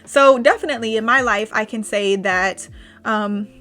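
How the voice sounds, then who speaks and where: Bright-voiced woman telling a candid story. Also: fairly high pitch, normal speed, faint music behind. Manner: candid, laughs through dark memories, acts out quoted voices. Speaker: podcast host. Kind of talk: personal storytelling monologue.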